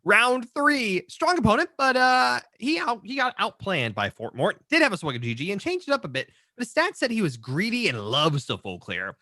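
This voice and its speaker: A man co-hosting a casual game-stats show, reading results with animated, teasing banter. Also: on the high side, a little fast, hardly any pauses, dry recording, clean studio sound. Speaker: co-host.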